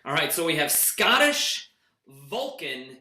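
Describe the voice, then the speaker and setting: A man's voice: a little high, very animated, slow, sharp tone, echoey room. A man hosting a live improv comedy match, announcing scenes with rambling asides. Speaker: match host.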